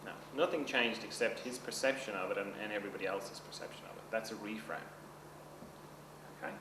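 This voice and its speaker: A man's voice: on the low side, a little fast. Chatty man lecturing in an echoey room. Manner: conversational, checks in with the class often. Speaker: teacher. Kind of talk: seminar lecture. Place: seminar room. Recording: roomy, distant mic with background noise.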